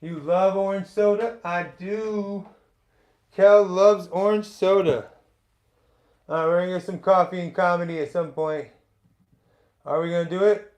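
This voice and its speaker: Brief: man hosting a scrappy live stream of stand-up, high voice, loose and self-deprecating, swears casually. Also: steady tone, measured pace, long pauses, darkish tone. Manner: rambling, self-deprecating, profane. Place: indoors in front of a green screen. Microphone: webcam live stream setup.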